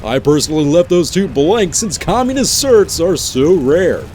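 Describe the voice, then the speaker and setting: Playful, lively male gaming host. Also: a little high, moderate pace, a little hiss or hum. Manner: playful, jokey, teasing asides. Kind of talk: casual game commentary.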